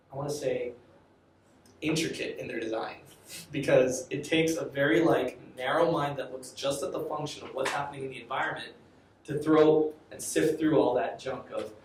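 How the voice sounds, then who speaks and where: A man giving a classroom lecture in a conversational way, often repeating and restarting phrases. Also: fairly high pitch. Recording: echoey classroom from far off, faint noise.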